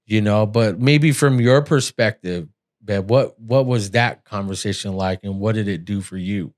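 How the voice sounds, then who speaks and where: A middle-aged man speaks in a fairly low voice, telling his own story with raw candour. He is earnest and emotional, blunt when he talks about himself. It is a casual podcast conversation. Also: a little slow. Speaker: podcast host.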